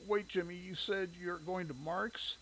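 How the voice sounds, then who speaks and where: A man's voice: high voice, steady tone, measured pace, a bit bright, a little hiss or hum, pitched above the performer's own voice, poor audio. A man voicing a sick, worried mother who fights back coughing fits in a storybook reading.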